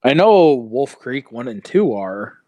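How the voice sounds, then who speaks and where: A young man with a Canadian accent co-hosting a casual movie-watching podcast, animated, laughing often and swearing casually. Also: medium pitch, slow pace, no room sound. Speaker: podcast co-host.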